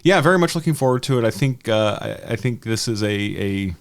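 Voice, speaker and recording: A man's voice: lowish voice, lively intonation. Rambling man co-hosting a podcast. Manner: rambling, halting with many restarts and fillers. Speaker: podcast co-host. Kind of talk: casual chat.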